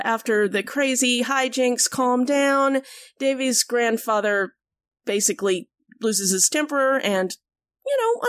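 A woman co-hosting a podcast, recapping an episode in a loose, chatty way and laughing often. Her voice sits fairly high and swoops around a lot. The sound is dry and close. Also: no room sound. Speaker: podcast co-host. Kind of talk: casual chat recapping a TV episode.

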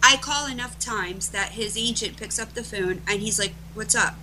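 A middle-aged woman is the interview guest, recounting events in an animated, emphatic way, often breaking off and restarting her sentences. Her voice is bright and a little high. A faint hiss sits underneath. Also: rough recording. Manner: emphatic, rushes and restarts phrases. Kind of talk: animated storytelling in conversation.

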